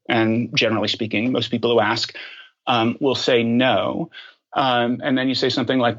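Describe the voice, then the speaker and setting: Man, podcast guest, measured and hesitant, mid-pitched, muffled lo-fi sound. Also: fairly even intonation, a bit bright. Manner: thoughtful, many ums and restarts. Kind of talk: casual interview talk.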